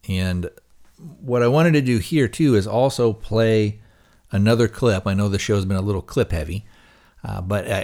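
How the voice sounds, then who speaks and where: A male podcast host casually recapping a TV episode, rambling with fillers and retelling the dialogue. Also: lowish voice. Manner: rambling, relaxed, many fillers and retold dialogue.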